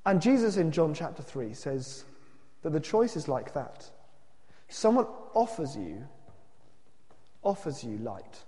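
Brief: preacher, fairly high and animated, expressive storytelling; long hall reverb. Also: male voice, slow pace, pauses often. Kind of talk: sermon with a read-aloud story.

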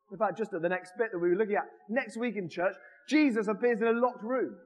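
High-voiced man preaching in a reverberant church. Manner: animated, jokes with the congregation. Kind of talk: conversational sermon.

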